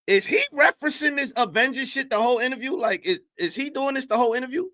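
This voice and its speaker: High, bright-voiced young man reacting live. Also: fast. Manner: animated, incredulous, laughing, talks to chat. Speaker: streamer reacting to battle rap clips. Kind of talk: live stream reaction commentary.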